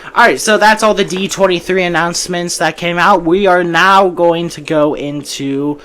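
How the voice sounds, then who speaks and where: A man's voice: high voice, fairly even intonation, normal speed, sharp tone, a little hiss or hum. A man hosting a casual movie podcast, giving breezy opinions and often restarting his sentences. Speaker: podcast host.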